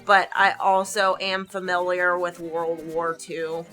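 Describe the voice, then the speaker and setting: A woman's voice: fairly low pitch, flat delivery, slow, a bit bright, soft background music. A woman co-hosting a casual let's play, thoughtful and explanatory as she chats. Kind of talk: casual gameplay chat.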